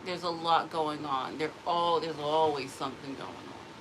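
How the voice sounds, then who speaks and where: A woman's voice: low-pitched, moderate pace, background noise. A woman in a casual personal vlog, rambling emotionally and often restarting her sentences. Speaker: vlogger.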